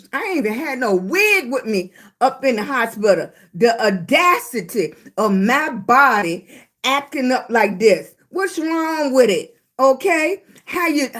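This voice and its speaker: A woman's voice: fairly high pitch, a bit bright. A woman chatting casually on a live stream from her phone, greeting viewers, slightly congested after a hospital stay. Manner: chatty, greets viewers, drawn-out emphatic talk. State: recovering from illness, congested.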